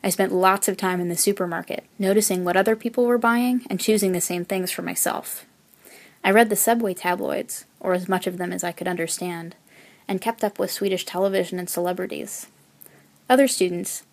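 Young american woman telling her own story, dry self-mocking humor, earnest and measured, mid-pitched voice. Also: fairly even intonation, vocal fry. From United States. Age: young adult. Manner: wry, self-deprecating. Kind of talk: personal storytelling.

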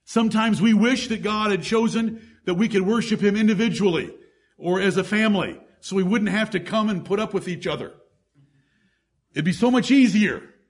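Husky-voiced man preaching a sermon. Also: high voice, moderate pace. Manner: preaching, reading scripture aloud with emphasis. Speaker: pastor.

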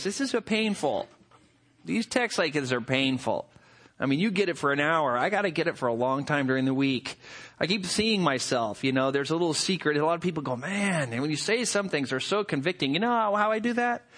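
A male pastor preaching a sermon, reading scripture and explaining it in an animated, conversational way with rhetorical asides. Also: on the high side, brisk.

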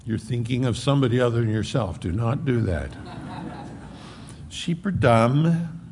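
Gravelly-voiced pastor preaching in a hall. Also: male voice, mid-range voice, expressive, a little mellow. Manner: emphatic, slows for stress, conversational asides. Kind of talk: sermon. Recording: long hall reverb, faint noise.

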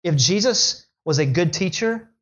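A man preaching a sermon in an animated way, his voice climbing high when he voices the questioners. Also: measured pace, muffled recording.

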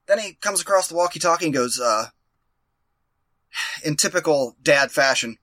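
A man's voice: a little high, lively intonation, normal speed, long pauses, pushed and bright, dry recording. A man telling a rambling, profane, self-mocking story in a casual chat.

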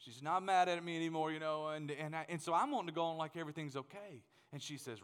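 A man in his thirties preaching a sermon as pastor, animated and joking, often repeating words as he gets going. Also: on the high side, fast, hardly any pauses, clear, resonant tone, long reverb tail.

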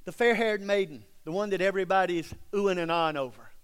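A preacher putting on a gossiping male friend who leans in to break the news, talking quickly in a hushed, confiding tone. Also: sits high, smooth, lightly acted.

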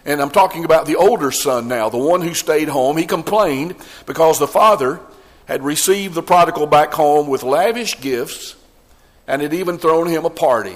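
Earnest preacher in a reverberant church. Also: male voice, a little high. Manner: earnest preaching with repeated restarts and rising emphasis. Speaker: pastor. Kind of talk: sermon. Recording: long hall reverb.

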